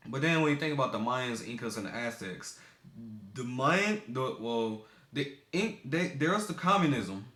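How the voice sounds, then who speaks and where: A man's voice: medium pitch, expressive, moderate pace, pushed and bright. Rambling young man in an echoey room. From United States. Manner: rambling, self-correcting, stumbling over words. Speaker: video maker. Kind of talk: casual rambling commentary.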